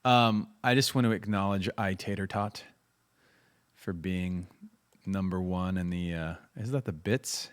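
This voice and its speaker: Slow, low-voiced man chatting while jamming. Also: clean tone. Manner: rambling, muttering to himself while fiddling with gear; chats with viewers, self-deprecating. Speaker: musician streaming a live jam. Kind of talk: casual livestream chat.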